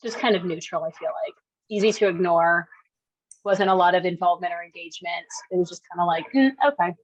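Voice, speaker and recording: A woman's voice: on the low side, flat delivery, fast talker, no echo, dull audio. A woman taking part in a coaching session over a video call, reflecting casually on how she felt. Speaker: coaching participant.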